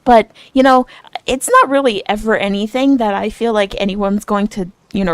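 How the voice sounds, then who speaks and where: A young woman streaming as a VTuber, chatting casually and self-deprecatingly, giggling often and bursting into excited quoted asides. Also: mid-range voice, normal speed, gravelly, no room sound, poor audio. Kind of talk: casual chat.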